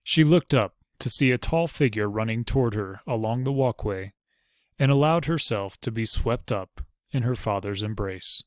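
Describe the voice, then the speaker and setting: In a clean studio recording without echo, a man reads an audiobook at normal speed. His medium-pitched voice keeps the storytelling steady and even.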